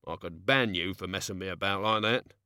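Gruff, muttering doorman, put on by a male reader. Low and dry, rule-quoting. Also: a little fast, bright, forceful tone, no echo. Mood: grumbling. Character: grumpy working-class male bar doorman.

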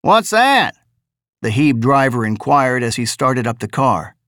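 A man reading a novel aloud as narrator, in a measured, deliberate way. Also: medium pitch, fairly even intonation, a bit bright, no echo, clean studio sound. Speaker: audiobook narrator.

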